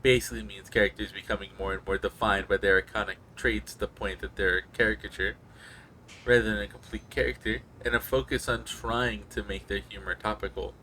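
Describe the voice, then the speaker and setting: Brief: bright, rambling male streamer, slightly hoarse, faint hum behind. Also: on the low side, fairly even intonation, a little fast. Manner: rambling, profane. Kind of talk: casual gameplay commentary.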